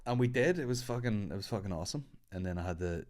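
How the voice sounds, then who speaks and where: A man's voice: fairly low pitch, expressive, fast talker, darkish tone. A man, a comedian, rambling and swearing through a casual podcast monologue. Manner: rambling, sweary, laid-back.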